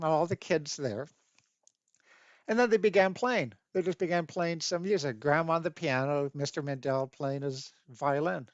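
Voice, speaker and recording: A man's voice: fairly high pitch, no echo. An older man from Canada, an instructor, tells family stories for an online course in a rambling, conversational way and corrects himself as he goes. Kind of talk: personal storytelling for an online course. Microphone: webcam. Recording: dull dry webcam audio.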